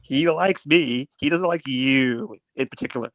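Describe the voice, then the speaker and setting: A man's voice: medium pitch, unhurried, a bit bright, dry recording, highs cut off. Blunt man on a dry mic. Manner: blunt, matter-of-fact arguing. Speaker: podcast co-host. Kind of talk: casual chat.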